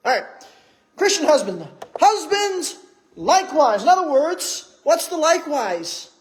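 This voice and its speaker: High-voiced man preaching a sermon. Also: sing-song, a little slow. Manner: conversational preaching with rhetorical questions. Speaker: pastor. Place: church.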